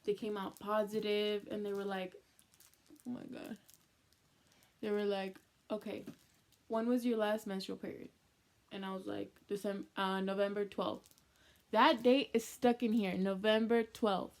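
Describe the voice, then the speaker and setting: A young woman in her twenties recounts an emotional personal story in a loose, chatty way, leaning on "like" and dropping in Spanish phrases. Her voice sits at a middle pitch and sounds teary from crying. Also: level tone, unhurried, long pauses. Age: 20s. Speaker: vlogger.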